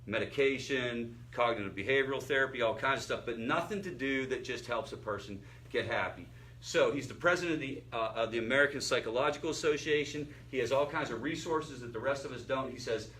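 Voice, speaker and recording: A man's voice: medium pitch, expressive, a little fast, fairly bright tone, slight background noise. Man leading a family recovery group. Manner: conversational storyteller, asks the group questions, frequent restarts. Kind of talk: informal teaching talk to a support group.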